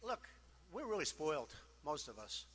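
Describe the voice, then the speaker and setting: A man's voice: a little high, big pitch swings, moderate pace, fairly bright tone, a little hiss or hum. A man giving a campaign rally speech in a boastful, repetitive, conversational way, with many asides. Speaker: political candidate. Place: large rally hall. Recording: long hall reverb from PA.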